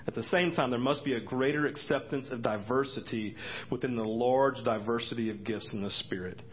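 Male pastor, excitable sermon delivery, faint room hum behind. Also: fairly quick, muffled recording. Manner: excitable, voice jumps high for acted quotes. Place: church sanctuary.

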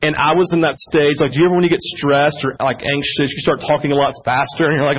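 A man preaching a sermon as pastor, growing louder and higher when he gets fired up. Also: little pitch movement, fast talker, few pauses, slightly rough. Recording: dull lo-fi church audio.

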